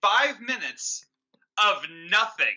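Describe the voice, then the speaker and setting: A man's voice: high voice, very animated, slow pace, sharp tone, muffled recording. A man co-hosting a comedy movie review podcast, sarcastic and incredulous as he mocks the film. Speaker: co-host of a movie review show.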